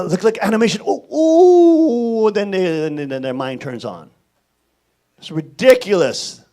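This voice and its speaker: A male pastor preaches with a high voice that swoops widely in pitch. He is emphatic and scolding, punching his warnings hard and then dropping low to advise. The delivery is an animated sermon.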